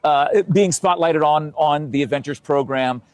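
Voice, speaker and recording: A man's voice: a little high, moderate pace. A man interviewing a coach on the sidelines, enthusiastic and admiring. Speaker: field reporter.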